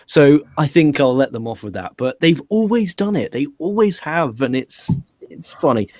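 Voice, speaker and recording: A man's voice: a little high, expressive, moderate pace, a little mellow, no room sound. A man co-hosting a podcast, recapping a wrestling show in a dry, matter-of-fact way. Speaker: podcast co-host.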